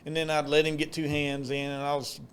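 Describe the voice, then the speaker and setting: A man in casual podcast chat, explaining something step by step with small pauses and restarts. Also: on the high side, monotone, fairly bright tone, slight background noise.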